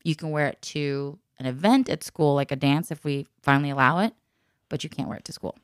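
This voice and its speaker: Woman, low voice, chatty storyteller, laughs a lot, acts out quotes, dry close sound. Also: a little fast, smooth, dry recording. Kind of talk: casual chat.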